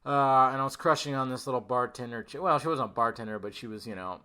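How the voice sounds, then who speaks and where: A middle-aged man hosting a podcast, telling a rambling, animated personal story with lots of swearing and acted-out quotes. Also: mid-range voice, fast, smooth. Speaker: podcast host. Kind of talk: casual storytelling monologue.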